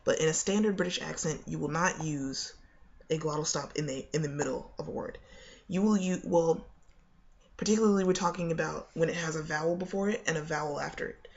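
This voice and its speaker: A young woman explains pronunciation in a relaxed, chatty way, often pausing on fillers and restarting her sentences. Her voice carries a noticeable creaky fry. The recording sounds dull and lo-fi, like a home video. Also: sits low. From United States. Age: young adult. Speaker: accent coach. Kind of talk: casual video lesson.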